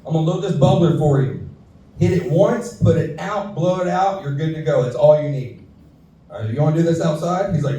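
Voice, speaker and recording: A man's voice: a little high, normal speed, dark tone, slight background noise. A man, telling profane stand-up stories on a saloon stage and acting out the people in them. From Houston, Texas. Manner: profane storytelling with voiced quotes. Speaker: stand-up comedian. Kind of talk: stand-up set. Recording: echoey room from far off.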